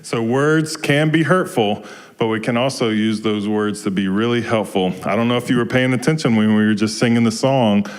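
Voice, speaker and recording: A man from Georgia in the US, a minister leading a children's story time in a service, who talks gently and keeps asking the children questions. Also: medium pitch, fairly even intonation, moderate pace. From Georgia, USA. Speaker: guest minister.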